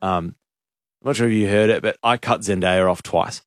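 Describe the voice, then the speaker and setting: A man's voice: lowish voice, moderate pace, no room sound, clean studio sound. A man hosting a radio show, rambling and mocking himself in casual banter. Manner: self-mocking, rambling with restarts. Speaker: radio host. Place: radio studio.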